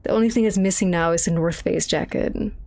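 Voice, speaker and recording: A woman's voice: on the low side, fast talker, creaky, darkish tone. A young woman streaming a game, commenting casually as she rambles, swears and laughs.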